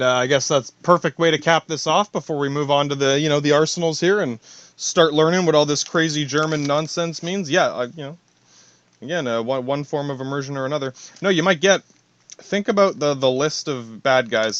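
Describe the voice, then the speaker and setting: A man's voice: mid-range voice, a bit bright, dry recording. Rambling profane man, dull lo-fi sound. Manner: profane, rambling, talks to himself in asides. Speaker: podcast host. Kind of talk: rambling solo monologue.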